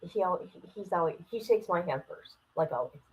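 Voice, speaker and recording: A woman's voice: fairly low pitch, lively intonation, brisk, rough recording. Casting: woman livestreamer, blunt and profane, talks straight to her viewers and laughs as she vents. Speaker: streamer. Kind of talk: casual livestream chat.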